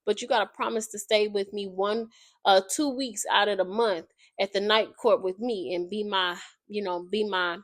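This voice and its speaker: A woman's voice: medium pitch, fairly even intonation, moderate pace, dry recording, studio quality, lightly acted. A woman doing a coaxing faerie lord.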